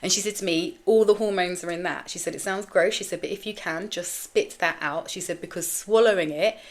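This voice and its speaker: Chatty, rambling woman, lower voice. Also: a little fast. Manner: chatty, rambling, swears casually. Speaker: podcast host. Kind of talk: candid personal storytelling.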